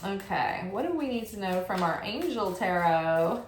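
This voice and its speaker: A woman giving a casual spiritual tarot reading, animated and chatty, full of affirmations and frequent "like". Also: mid-range voice, moderate pace, slight background noise. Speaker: tarot reader. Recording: roomy echo.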